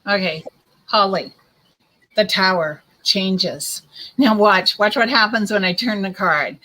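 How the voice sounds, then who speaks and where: A woman's voice: medium pitch, takes it slowly, pushed and bright, low-quality recording. A woman giving chatty, reassuring card readings to viewers on a live online stream as host. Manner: chatty, reassuring, calls viewers hun and girl. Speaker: psychic card reader.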